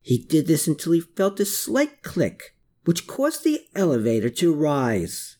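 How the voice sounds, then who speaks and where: Audiobook narrator, steady storytelling, lively pitch. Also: a little slow. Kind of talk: scripted narration.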